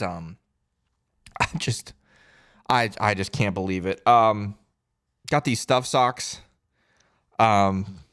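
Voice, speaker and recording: Male podcast host, excitable and stunned, very animated delivery, dry close sound. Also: no room sound. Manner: stunned, excitable, voice swinging high and low. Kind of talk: postgame fan podcast.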